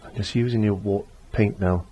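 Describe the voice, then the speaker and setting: A man's voice: on the low side, fairly even intonation, moderate pace, warm tone, a little hiss or hum. A man giving a chatty step-by-step painting tutorial, repeating phrases as he works. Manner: chatty, repeats himself while working. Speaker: painting teacher.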